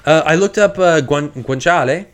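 Brief: male podcast host, mid-pitched voice, rambling chatty film recap with asides. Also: brisk. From Quebec. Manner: chatty, self-correcting, with many restarts and asides. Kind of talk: casual chat recapping a film.

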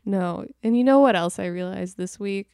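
Smooth-voiced woman, wry podcast co-host. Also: mid-range voice, a little mellow, no echo. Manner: wry, quick to laugh. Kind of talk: casual chat.

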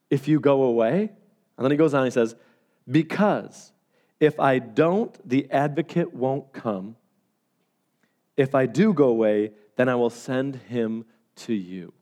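A man preaching a sermon as pastor, telling stories with animated swings between loud and hushed delivery. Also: medium pitch.

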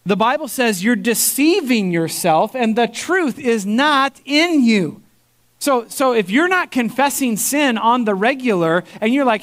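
A man preaching a sermon as pastor, telling stories with lively emphasis, repeating words and restarting phrases as he goes. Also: measured pace. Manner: animated storytelling, voice jumps high for emphasis.

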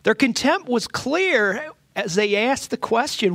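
A pastor's voice, a middle-aged man with a notably high pitch, preaching in an earnest, halting way that keeps circling back to restart his sentences. The sound is dry and close, with no room around it. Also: animated, a bit bright, no echo. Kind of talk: sermon.

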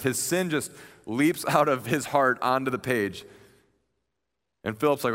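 A young man delivers a sermon in a casual, earnest voice at an average pitch. He retells the story with lively energy, and his voice rings out with the long reverb of a large hall. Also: moderate pace. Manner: conversational and earnest, animated retelling. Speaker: preacher.

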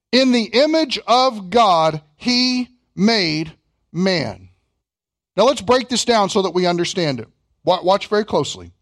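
Male pastor with a Kentucky accent, very high and lively voice, reads scripture slowly and then jokes with the congregation. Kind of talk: sermon.

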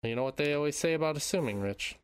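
Animated man casually chatting on a podcast. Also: on the high side, quick pace, smooth. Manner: laid-back, swears casually. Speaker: podcast co-host. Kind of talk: casual chat.

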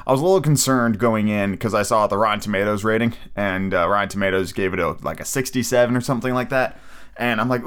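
A man's voice: lowish voice, fast, a bit bright, clear, resonant tone. A man hosting a solo podcast in a casual, rambling way, with lots of fillers and restarts. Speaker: podcast host.

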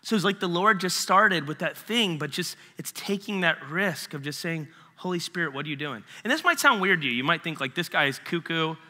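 A man's voice: on the high side, animated, fairly quick, hardly any pauses, pushed and bright, big-room sound. A man giving a casual, story-driven sermon, acting out conversations as he retells them. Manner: storytelling, acts out both sides of a dialogue. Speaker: preacher.

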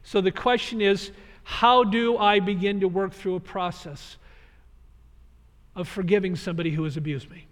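A male pastor delivers an earnest, emphatic sermon. His voice sits high for a man. The sound carries the long, lingering reverb of a large hall. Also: fairly even intonation, moderate pace, a bit bright. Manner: earnest, emphatic expository preaching.

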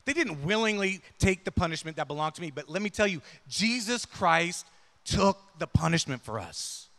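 A man's voice: high-pitched, expressive, normal speed, creaky, pushed and bright, long reverb tail. A man preaching a sermon through a personal story, talking conversationally and checking in with listeners with "right?" and "yeah?". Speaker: pastor.

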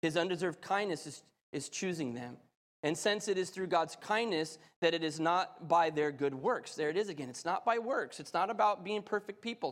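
A man with a high, bright-pitched voice preaches and reads scripture, his sermon rising into fervent, excited storytelling. His voice rings out with a long reverb tail, as if he stands in a large hall. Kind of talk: sermon with Bible reading.

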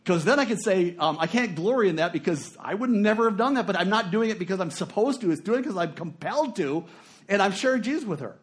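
Middle-aged male preacher with a fairly high voice; storytelling sermon that moves between quiet and emphatic. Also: expressive, quick pace.

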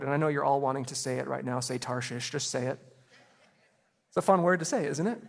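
Casual animated male preacher in a hall. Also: medium pitch, fairly quick, gravelly. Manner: conversational, animated retelling with casual slang. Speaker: pastor. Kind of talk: sermon.

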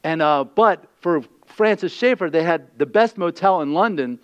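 A man preaching a sermon as a lively storyteller who asks his listeners questions as he teaches. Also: fairly high pitch, normal speed, clear, resonant tone. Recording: dull lo-fi recording.

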